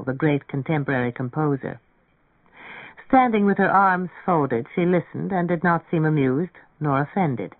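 A man narrating an audiobook in a measured, even way. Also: a little high, no echo. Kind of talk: audiobook reading. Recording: dry, phone-like narrow sound.

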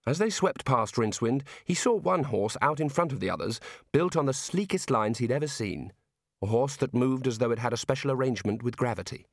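A man narrating a storybook in a measured, steady reading. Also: medium pitch, no echo, studio quality. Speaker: audiobook narrator.

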